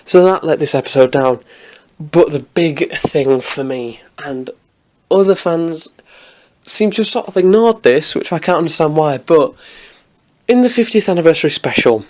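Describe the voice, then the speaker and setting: A man's voice: fairly high pitch, expressive, moderate pace, a little mellow. A man giving an enthusiastic, rambling review of a TV episode in a casual vlog, with many restarts.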